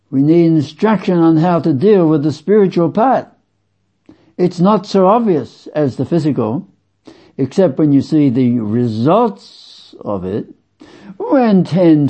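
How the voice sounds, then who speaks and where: A man preaching a sermon slowly and with emphasis, repeating phrases for weight. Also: a little high, dark tone. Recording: dull lo-fi sound.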